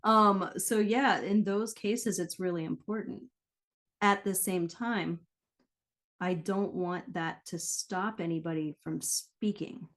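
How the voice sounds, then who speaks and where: Lower-voiced woman explaining patiently. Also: slow, a bit bright. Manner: explanatory, often checks in with "right?". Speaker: guest, pronunciation coach. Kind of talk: casual interview conversation.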